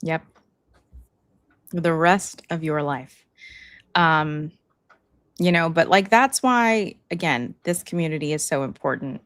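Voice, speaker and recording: Middle-aged woman co-host, lowish voice, dry close sound, rambling casual chat. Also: slow, pauses often, a bit bright, no echo. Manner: chatty, lots of likes and you-knows, laughs easily. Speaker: podcast co-host.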